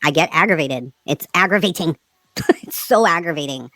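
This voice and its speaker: Boston-accented woman, low and dry, profane angry rant on a live panel. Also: animated, a bit bright, dry recording, low-quality recording. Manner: angry, profane, rapid rants. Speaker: livestream panelist. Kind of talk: heated livestream panel talk.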